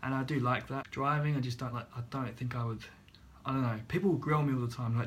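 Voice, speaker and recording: A young man casually telling a story to his vlog, animated, laughing at himself and acting out the voices of others. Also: medium pitch, fast talker, a little hiss or hum. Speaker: vlogger.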